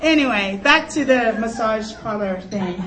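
A middle-aged woman telling a comic story to a luncheon crowd in a chatty, animated way, laughing as she goes. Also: fairly high pitch, normal speed. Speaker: luncheon speaker. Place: conference luncheon hall. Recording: echoey hall from far off, room noise.

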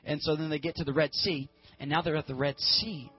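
Casual high-voiced male preacher. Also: fairly quick, breathy edge, highs cut off, soft background music. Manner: casual, animated, talks to the congregation directly. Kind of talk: casual energetic sermon.

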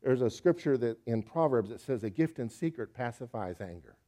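A man's voice: medium pitch, lively intonation, a little fast, mellow. A man preaching a sermon, folksy and emphatic, urging listeners with direct questions.

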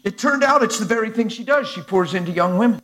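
A man preaching a sermon to a live congregation in an animated, conversational way, acting out dialogue as he goes. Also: sits high, fast talker. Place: church sanctuary before a live crowd.

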